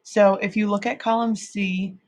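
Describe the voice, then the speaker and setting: A woman's voice: medium pitch, fairly even intonation, a little slow, darkish tone. A woman teacher casually walking students through a worksheet, explaining it step by step. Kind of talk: casual classroom instruction.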